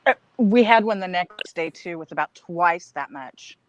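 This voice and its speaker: A woman chatting casually in a relaxed, amused way. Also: lowish voice, moderate pace, dry recording, muffled recording. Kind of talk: casual chat.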